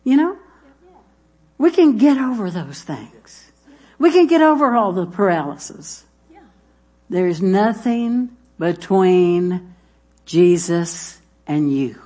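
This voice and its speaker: A woman's voice: medium pitch, very animated, slow, dark tone. Woman preacher, emphatic, repeats phrases, sermon. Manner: emphatic, repeats phrases, talks straight to listeners.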